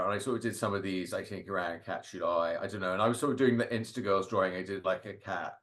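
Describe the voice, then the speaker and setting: Rambling, low-voiced man cartoonist. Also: fast talker, hardly any pauses, fairly bright tone. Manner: rambling, full of fillers and self-deprecating laughs. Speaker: guest speaker, cartoonist. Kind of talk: casual talk over slides.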